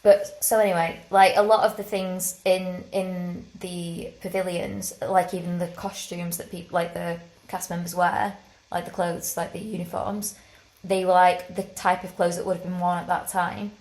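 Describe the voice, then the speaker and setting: A woman's voice: fairly low pitch, level tone, moderate pace, a little mellow, reverberant, low-quality recording. A woman co-hosting a podcast in casual chat, rambling and correcting herself with frequent giggles. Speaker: podcast co-host.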